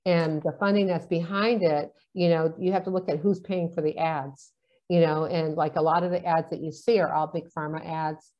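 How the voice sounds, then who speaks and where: A woman's voice: deep voice, fairly even intonation, normal speed. A woman in casual conversation, chatty, telling stories and acting out the dialogue in them. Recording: dull lo-fi sound.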